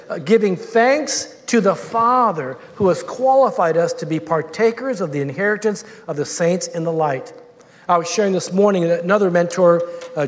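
High-voiced man preaching in a hall. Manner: storytelling with frequent repeats and restarts. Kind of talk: sermon.

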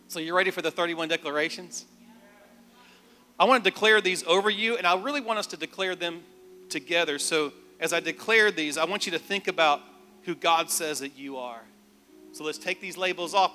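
Male pastor, bright tone, emphatic sermon delivery, long hall reverb. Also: on the high side. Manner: animated, rising to emphatic declarations.

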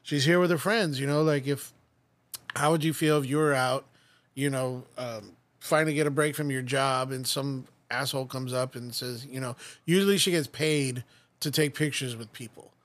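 A man's voice: mid-range voice, normal speed, a bit bright. Rambling, filler-heavy male podcast host. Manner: rambling storyteller, lots of fillers and swearing. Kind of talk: casual podcast chat.

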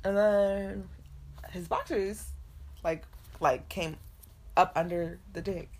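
A woman's voice: lowish voice, fairly even intonation, takes it slowly, darkish tone, a little hiss or hum. A young woman co-hosting a podcast, telling a long story in casual chat and acting out the quotes with changed voices. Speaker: podcast co-host.

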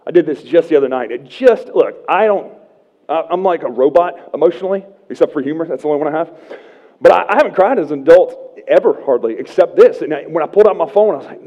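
Animated, joking church preacher. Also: male voice, on the high side. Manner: conversational and humorous, often asking "right?". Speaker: pastor. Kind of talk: sermon. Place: church sanctuary. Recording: dull church livestream with long reverb.

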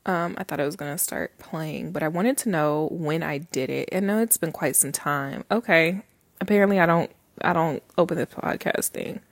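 A woman's voice: deep voice, normal speed, no room sound. A young woman hosting her own podcast from home, chatting loosely with lots of fillers, laughs and the odd swear. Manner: rambling, many fillers, swears, laughs often. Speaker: podcast host. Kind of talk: casual solo podcast chat. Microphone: handheld microphone.

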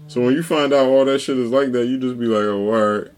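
A man's voice: mid-range voice, flat delivery, fast, a little mellow, soft background music. A man in loose, profane casual podcast talk who often acts out quoted lines. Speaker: podcast guest.

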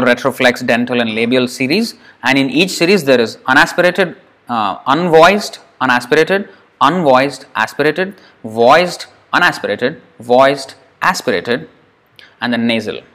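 A man's voice: mid-range voice, fairly bright tone. Man teaching Sanskrit sounds patiently. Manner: patient, repeats sounds slowly for students. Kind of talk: slide-based online lesson.

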